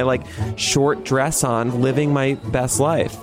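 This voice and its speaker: A man's voice: medium pitch, moderate pace, music in the background. Chatty young man telling a story. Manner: animated, swears a lot, heavy use of "like". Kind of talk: casual storytelling.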